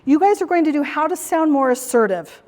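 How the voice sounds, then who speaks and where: A woman gives a live workshop presentation with a slightly high voice, telling personal stories in a chatty way and asking the audience questions. Her voice carries a long reverb from a large hall. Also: very animated, brisk, a little mellow. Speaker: corporate trainer and speaker. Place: conference room or hall.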